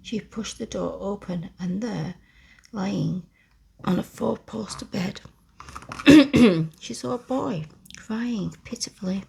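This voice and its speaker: A woman reads a bedtime story in a breathy, husky whisper as whispered role-play. Her voice sits low and carries a gravelly fry, and she unhurriedly lingers over every phrase close to the mic. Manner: slow soft whispered reading. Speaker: ASMR storyteller.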